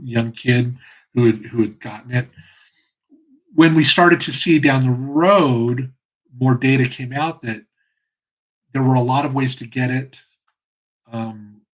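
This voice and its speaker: This man talks with a husky, slightly rough voice at a middling pitch. He speaks earnestly and with passion, pausing and restarting as he reflects on his own experience. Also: rough recording. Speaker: host. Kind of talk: reflective solo talk.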